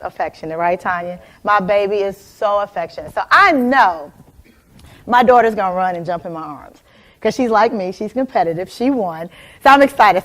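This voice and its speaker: Animated woman giving a keynote talk. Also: medium pitch. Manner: animated storytelling, addresses audience members by name. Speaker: motivational speaker. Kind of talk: keynote talk to a live audience.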